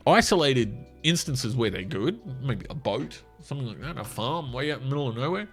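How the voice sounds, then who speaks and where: Australian man, casual commentary, blunt and sweary, lively swinging pitch. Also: moderate pace, husky, soft background music. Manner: blunt, profane ranting. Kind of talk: casual commentary while scrolling a social media feed.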